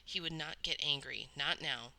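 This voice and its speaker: A woman's voice: sits low, normal speed, gravelly, bright, forceful tone, poor audio. A woman reading a novel aloud with dramatic storytelling. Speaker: audiobook reader. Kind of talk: read-aloud novel narration.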